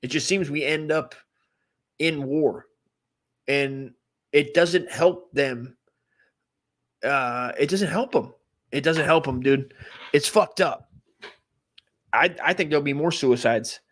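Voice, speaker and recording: A man's voice: fairly high pitch, takes it slowly, pauses often. Male podcast host, loose and profane, rambles through stories with plenty of fillers. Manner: earnest when he gets serious. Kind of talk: casual storytelling.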